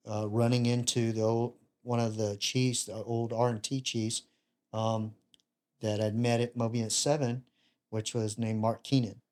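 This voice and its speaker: A middle-pitched man in his fifties spins a casual, lively anecdote, slipping into other people's lines as he retells them. His humor is self-deprecating, and the delivery stays loose and conversational. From United States. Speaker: podcast guest, retired Navy bomb disposal chief. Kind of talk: casual storytelling.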